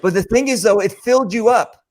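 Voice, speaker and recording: A man's voice: high-pitched, fairly quick, slight background noise. A man hosting a casual video call cooking chat, upbeat and chatty, often repeating himself. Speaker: host.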